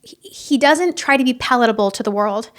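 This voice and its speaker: Woman, young adult, slightly high voice, earnest, halting, casual podcast chat. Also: animated. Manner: earnest, halting, with many restarts and fillers. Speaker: podcast host. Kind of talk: casual heartfelt podcast talk. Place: home in Florida.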